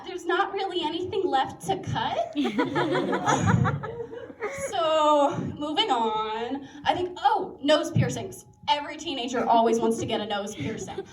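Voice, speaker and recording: A woman's voice: sits high, slight background noise. A young woman performing a chatty, self-mocking stand-up set on a campus coffee house stage, full of fillers and laughter. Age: young adult. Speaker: stand-up comic. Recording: echoey room, heard from a distance.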